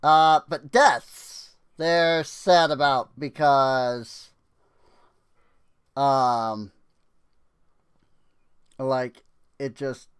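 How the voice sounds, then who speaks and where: Slow, rambling young man streaming a game. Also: medium pitch, fairly even intonation, smooth. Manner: rambling, laughs often, filler-heavy. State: dry throat. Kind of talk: casual gameplay commentary.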